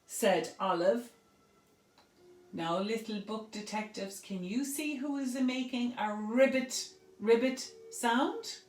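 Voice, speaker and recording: A woman with a fairly high voice slowly reads a picture book to preschoolers in a sing-song way, asking them questions and praising their answers. The room is echoey and the mic distant.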